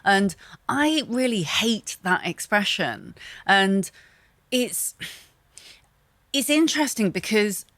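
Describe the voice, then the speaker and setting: A middle-aged woman talking quickly and animatedly as a podcast guest, with lots of fillers and restarts. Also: mid-range voice, dry recording. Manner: fast, animated talker with many fillers. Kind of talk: casual podcast conversation.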